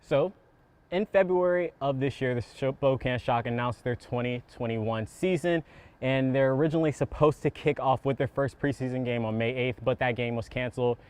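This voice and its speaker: A man files a local TV sports report in a casual, energetic manner. He is a little out of breath. His voice is mid-pitched. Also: normal speed, clean tone. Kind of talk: TV news field report.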